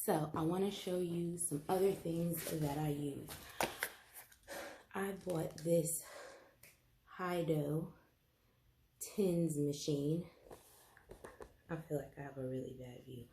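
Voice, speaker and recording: Slow, low-voiced woman demonstrating foot stretches. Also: roomy sound, background noise. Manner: chatty, apologetic, with frequent ums and restarts. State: out of breath. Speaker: health educator. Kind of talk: casual home demonstration.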